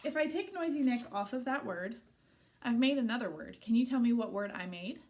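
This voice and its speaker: A woman's voice: fairly high pitch, expressive, brisk, a little mellow. A young woman teaching a phonics lesson to small children, patiently sounding out letters and syllables and praising each attempt.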